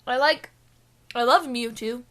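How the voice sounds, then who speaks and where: A woman's voice: a little high, unhurried, a bit bright. A woman co-hosting a casual gaming podcast, chatty and giggly, rambling with lots of fillers. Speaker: podcast co-host. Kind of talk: casual chat.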